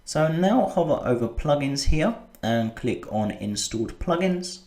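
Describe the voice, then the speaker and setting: A man narrating a screen-recorded software tutorial, patiently walking through each step. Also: fairly high pitch, lively intonation, a little slow, roomy sound. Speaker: web design tutor.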